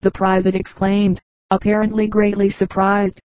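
A woman narrates short comic anecdotes in an even, measured storytelling way. Her voice is mellow and warm. The recording is dry and close, with no room sound around her. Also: mid-range voice, no room sound, poor audio. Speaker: audiobook reader. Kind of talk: scripted narration of humorous anecdotes.

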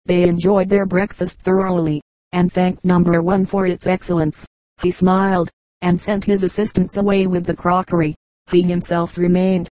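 A woman narrating an adventure novel in a steady, even reading that also voices the dialogue. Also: lowish voice, no echo, rough recording. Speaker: audiobook reader. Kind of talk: scripted narration.

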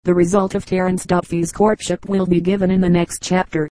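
A woman reading a story aloud in steady, measured scripted narration, with a close microphone. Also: on the low side, dry recording, rough recording. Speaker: audiobook reader.

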